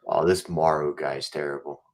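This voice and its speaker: A man's voice: very deep voice, steady tone, normal speed. A man giving blunt, teasing trash-talk commentary on match videos as co-host. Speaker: judo co-host.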